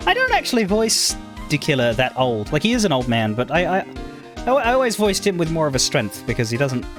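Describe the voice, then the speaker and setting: A man chatting casually between scenes of a game he is voicing, his pitch moving around a lot. He restarts sentences and corrects himself as he thinks aloud. There is clear music playing behind him. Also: wildly swooping pitch, fairly quick. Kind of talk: casual commentary during a playthrough.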